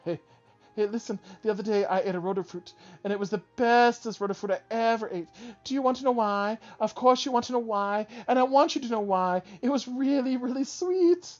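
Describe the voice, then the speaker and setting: A woman reading the lines of a boastful, excitable little game creature that babbles on in a sing-song way. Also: fairly high pitch, fairly quick, highs cut off, faint music behind, natural voice. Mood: excited.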